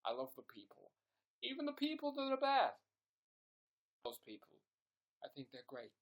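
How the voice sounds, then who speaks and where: A man's voice: very high-pitched, huge pitch swings, moderate pace, voice pushed up, exaggerated voice. A man voicing a chatty New Yorker in a put-on New York accent, rambling and repeating himself. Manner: rambling and repetitive. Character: chatty male New Yorker, fond of his city.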